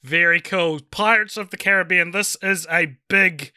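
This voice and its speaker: A man's voice: high voice, bright, forceful tone, smooth, no echo, studio quality. A man co-hosting a podcast in casual chat, playful and wry. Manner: playful, wry, quick asides. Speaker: podcast co-host.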